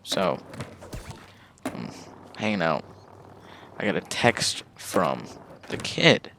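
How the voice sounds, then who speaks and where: A man's voice: low-pitched, vocal fry, a bit bright, slight background noise. A young man telling a casual story about his own life, rambling along with fillers and swearing.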